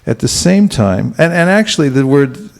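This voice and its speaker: A man giving a relaxed, conversational spiritual talk, asking the audience questions and chuckling now and then. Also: mid-range voice, normal speed, creaky. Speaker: spiritual teacher giving a class. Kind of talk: conversational sermon.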